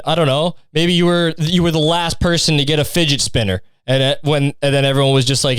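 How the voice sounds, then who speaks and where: Crude rambling man, smooth voice. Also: a little high, fairly even intonation, moderate pace, hardly any pauses, fairly bright tone, no echo, clean studio sound. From Canada. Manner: crude, rambling, insult-heavy. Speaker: podcast host. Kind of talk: solo comedy podcast rant.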